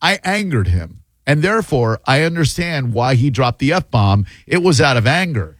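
Dude hosting call-in radio, blunt and mocky, dry mic, normal pitch. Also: male voice, very animated, no room sound. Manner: blunt, mocking, quick to insult callers. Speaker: radio show host. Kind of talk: brash call-in radio banter.

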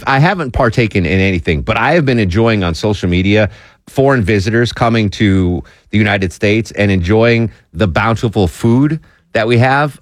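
A man's voice: on the low side, no room sound, clean studio sound. A man hosting a radio show, chatting casually and joking, putting on voices now and then. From New York. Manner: animated, jokey, mimics voices.

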